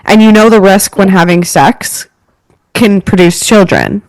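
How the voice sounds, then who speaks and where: A woman in her late twenties tells stories on a casual podcast, animated and full of fillers. Her voice sits mid-range and the recording is dry and close. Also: medium pitch, a little slow, no room sound, poor audio. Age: 20s. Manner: animated, chatty storytelling with lots of fillers. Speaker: podcast co-host.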